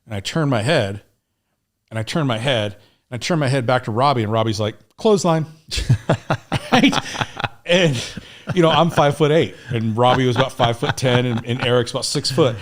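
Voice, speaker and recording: A man's voice: medium pitch, moderate pace. A middle-aged American man telling a war story in a podcast interview, casual and profane, acting out what people said. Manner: animated, profane war storytelling, acts out quotes. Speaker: guest.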